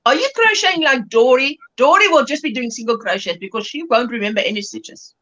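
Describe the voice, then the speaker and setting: A South African woman chats playfully and giggles as she hosts a crochet livestream and reads out viewer comments. Her voice is high, bright and very lively. The audio sounds slightly muffled. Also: brisk. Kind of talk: casual chat reading viewer comments.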